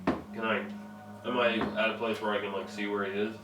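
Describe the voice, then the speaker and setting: Tabletop player, man, low voice, halting delivery; distant mic, echoey room, music behind. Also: flat delivery. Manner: hesitant, stumbling over words.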